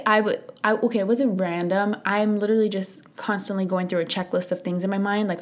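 A young adult woman talks alone on her podcast in a casual, candid way. She tells her story with animation and voices her own inner thoughts. Her voice sits at a middle pitch. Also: fairly even intonation, a little fast, hardly any pauses. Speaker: podcast host. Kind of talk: casual solo podcast talk.

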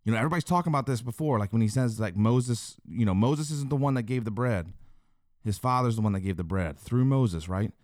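Excitable slangy man unpacking scripture. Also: mid-range voice, a little fast, no room sound, studio quality. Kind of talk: casual Bible commentary.

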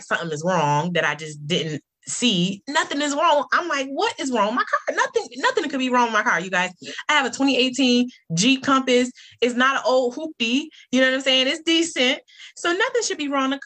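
A woman telling a personal story to her viewers in a casual, animated way, repeating phrases for emphasis and speaking straight to her audience. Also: medium pitch. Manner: animated, emphatic, keeps addressing listeners directly.

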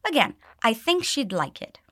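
A woman teaching English pronunciation, reading dialogue lines and slowly modelling phrases for learners to repeat. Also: fairly high pitch, sing-song, a bit bright, breathy edge, dry recording, clean studio sound. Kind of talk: pronunciation lesson with repeat drills.

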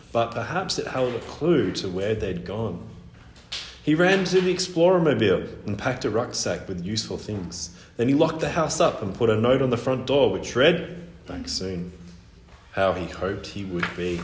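A man reading a children's storybook aloud in an expressive narrating voice. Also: medium pitch. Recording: echoey room, faint hiss.

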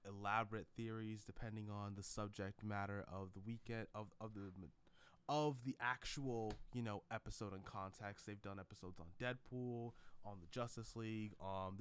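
A man's voice: lowish voice, fairly bright tone, smooth. A man vlogging in a casual, rambling way, with lots of fillers and restarts. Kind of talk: casual commentary vlog.

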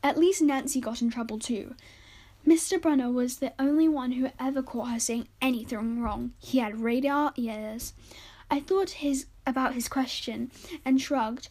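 A woman's voice: sits high, fairly even intonation, moderate pace, a little mellow. A woman hosting a podcast, reading a novel aloud in a chatty, informal way and correcting her own slips. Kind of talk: storybook reading.

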